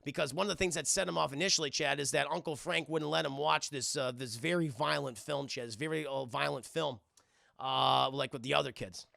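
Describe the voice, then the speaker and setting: A man with a high, gravelly voice, recapping a film to his live chat. He talks in a loose, profane way and acts scenes out with big swings in loudness. The sound is bright and dry. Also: brisk, dry recording. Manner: animated, acts out scenes in shouted voices, swears a lot. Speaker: film reviewer streaming to chat.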